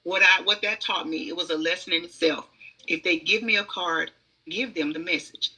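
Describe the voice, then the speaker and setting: A woman's voice: on the low side, normal speed, pushed and bright, husky, low-quality recording. A woman who is a guest oracle reader, telling stories in conversational podcast talk, emphatic and acting out the inner voices she describes.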